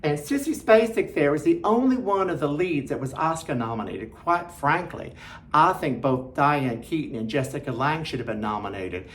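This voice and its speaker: A woman's voice: low voice, animated, normal speed. A woman hosting a show of film recommendations, chatty and enthusiastic, with jokey asides. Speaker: film reviewer host.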